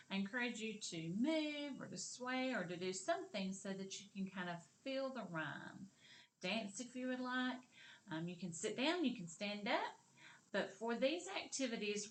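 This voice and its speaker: A woman teaching a kindergarten literacy lesson, speaking slowly and clearly as she models rhyming sentences and words for young learners. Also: medium pitch, fairly bright tone. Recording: roomy echo.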